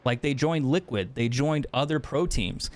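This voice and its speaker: A candid young man streamer chats casually and profanely with his viewers while gaming, laughing often. His voice is mid-range at a moderate pace.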